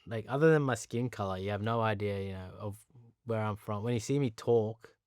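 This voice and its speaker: A man in his thirties with an Australian accent, a guest telling relaxed stories with frequent laughs. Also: lowish voice, a little fast, clear, resonant tone, no echo, studio quality. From Pakistan. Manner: relaxed anecdotes, laughs often, restarts. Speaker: interview guest, cricketer. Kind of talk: casual storytelling.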